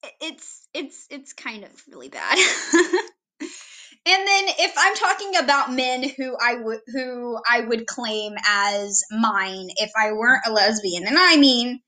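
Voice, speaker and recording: Giggly young woman with a bright voice. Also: on the high side, expressive, a little slow. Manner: rambling, giggly, self-deprecating. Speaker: vlogger introducing herself. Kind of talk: casual self-introduction.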